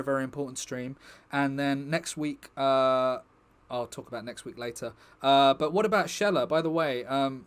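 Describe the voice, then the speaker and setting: A man's voice: a little high, a bit bright. Chatty man wrapping up a stream. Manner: chatty, rambling, jokey asides to chat. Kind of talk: casual chat to stream viewers.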